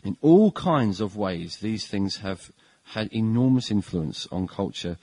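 Man, middle-aged, preacher, low voice, emphatic, hesitant fillers, conversational sermon. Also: measured pace, husky, dry recording, poor audio. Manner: emphatic, animated delivery with hesitations.

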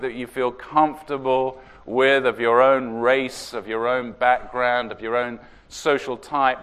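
A man preaching a sermon, telling a story in an earnest way and slowing down to stress key words. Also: mid-range voice, a bit bright.

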